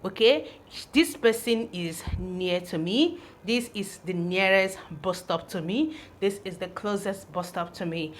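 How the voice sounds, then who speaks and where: A woman teaching pronunciation at an unhurried, careful pace. She sounds out each letter and repeats every word over and over, her pitch sitting in a middle range. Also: a little hiss or hum. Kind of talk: slow, deliberate classroom teaching.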